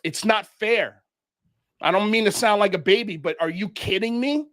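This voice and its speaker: A man's voice: high voice, animated, slow, fairly bright tone. A man from Miami hosting a livestream, ranting in heated commentary as he calls people out. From Miami, United States. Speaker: show host.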